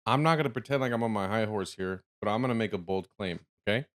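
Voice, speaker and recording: A man's voice: on the low side, fast talker. A man hosting a reaction video, rambling through his thoughts with lots of restarts and easy laughter. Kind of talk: casual reaction commentary.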